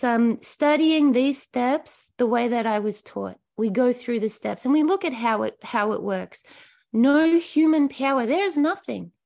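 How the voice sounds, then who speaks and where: A woman's voice: on the high side, vocal fry, a little mellow. A woman who leads recovery workshops, sharing earnestly and heartfelt in an online meeting, with frequent restarts and fillers.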